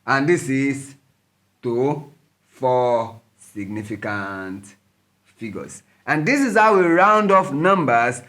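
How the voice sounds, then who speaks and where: A man's voice: medium pitch, expressive, slow, fairly bright tone. A man teaching a step-by-step maths tutorial, patient and methodical, counting digits aloud as he works.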